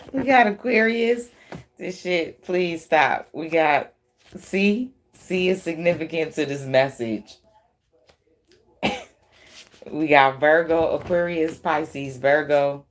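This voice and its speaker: Woman tarot reader: deep voice, relaxed pace, blunt, profane, quick to laugh. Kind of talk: casual tarot reading.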